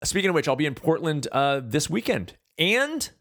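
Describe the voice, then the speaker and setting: Animated ranting man on a podcast. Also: on the high side, moderate pace, no echo, studio quality. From California. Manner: animated, ranting, self-deprecating. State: out of breath. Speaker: podcast host. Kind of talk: casual monologue.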